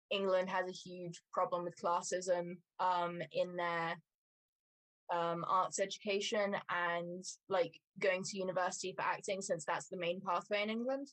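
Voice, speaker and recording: Girl chatting on a stream, lowish voice, dry close mic, says like and um a lot. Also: no echo. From Scotland. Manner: explanatory, lots of "like" and "um". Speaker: cosplay livestream co-host. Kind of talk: casual chat.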